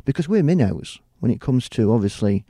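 A man's voice: mid-range voice, big pitch swings, a little fast, dark tone, slightly rough, no echo, studio quality. A middle-aged man from the United Kingdom, a TV presenter talking casually in an interview, rambling with many restarts and "you know"s. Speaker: TV presenter and producer.

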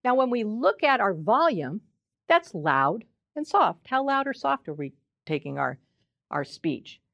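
An older woman voice coach giving an expressive presentation talk, demonstrating examples with her voice. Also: medium pitch, a little slow, vocal fry, no room sound, highs cut off.

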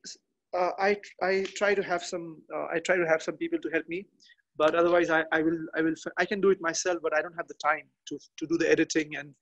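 A man chatting as a podcast guest from a garden outdoors, halting and often restarting as he searches for words. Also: on the high side, steady tone, fairly bright tone. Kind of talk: casual interview chat.

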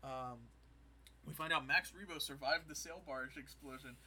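A man's voice: fairly high pitch, moderate pace, bright, forceful tone, slight background noise, rough recording. A man co-hosting a podcast, casually recapping an episode in rambling stories and acting out quotes. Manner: rambling storytelling, acts out quotes. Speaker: podcast co-host.

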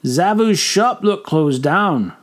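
A man voicing a blunt, wiry male sailor who talks in rough dockside slang. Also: high voice, lively intonation, slow, pitched above the performer's own voice.

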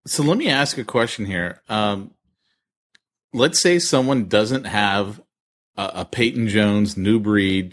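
A man co-hosting a podcast, asking questions with a dry, teasing humor. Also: sits low. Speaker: podcast co-host. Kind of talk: casual podcast chat.

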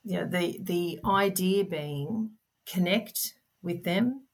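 A middle-aged woman speaks with a notably low voice. She is a guest in a relaxed interview and talks in an earnest, gentle, explanatory way. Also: slow pace. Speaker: podcast guest, parent advocate. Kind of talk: conversational interview.

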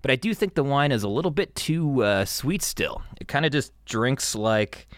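A man's voice: medium pitch, very animated, normal speed, no echo, clean studio sound. A young man hosting an advice podcast in casual chat, rambling and stammering with lots of swearing. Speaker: podcast host.

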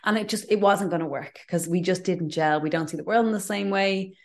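A woman with a lowish voice talks a little fast as a podcast co-host in a casual chat. She's a candid, chatty storyteller sharing personal stories, with lots of fillers and restarts.

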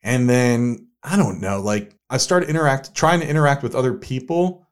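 A man's voice: mid-range voice, normal speed, smooth. A young man co-hosting a podcast, telling a story in a laid-back, profane way. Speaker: podcast co-host. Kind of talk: casual chat.

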